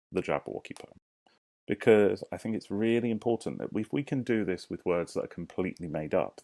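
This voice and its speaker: A primary school teacher with a deep, gravelly, warm voice leads a recorded lesson for young children. He speaks slowly and encouragingly, sounding out each word clearly and inviting the class to repeat it with him.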